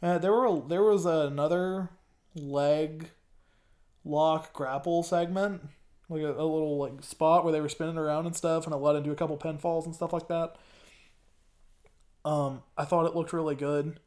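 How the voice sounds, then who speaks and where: A man's voice: fairly high pitch, steady tone, moderate pace, darkish tone. A man from the US South hosting a casual podcast, talking in a rambling, hesitant way with many ums. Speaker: podcast host. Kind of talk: casual chat.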